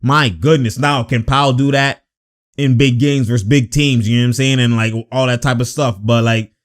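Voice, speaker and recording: A man giving casual, slang-filled reaction commentary on basketball footage, animated and exasperated. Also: mid-range voice, normal speed.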